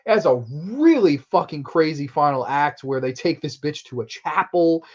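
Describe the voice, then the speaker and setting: A man hosting a casual horror movie review, excitable and profane, often laughing. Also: fairly high pitch, moderate pace. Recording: muffled lo-fi recording.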